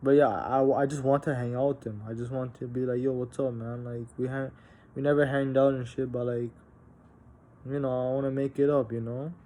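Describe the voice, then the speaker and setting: Young man, casual vlog storytelling, halting, lots of restarts and fillers, candid, swears. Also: mid-range voice, little pitch movement, warm tone. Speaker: vlogger.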